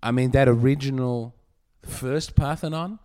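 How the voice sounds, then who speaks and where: An Australian man hosting a comedy podcast rambles playfully in casual chat, joking and daydreaming aloud. His voice is mid-range, unhurried, and dark in tone.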